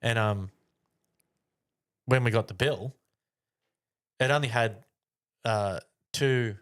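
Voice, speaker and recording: A man's voice: mid-range voice, slow pace, fairly bright tone. A young man telling a long, rambling story on a casual podcast chat, with plenty of swearing. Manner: swears a lot, rambling anecdote. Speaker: podcast co-host.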